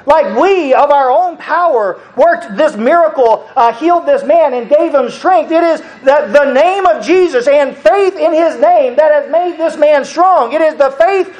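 High-voiced earnest preacher, chuckling often. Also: a little slow, hardly any pauses, a little mellow, poor audio. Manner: earnest and repetitive, with frequent chuckles. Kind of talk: sermon.

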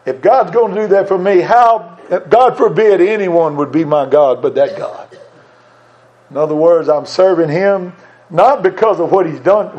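An older man preaching a sermon in a high, light voice. He speaks earnestly and with emphasis, circling back on phrases to stress them. The recording sounds dull and lo-fi. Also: warm tone.

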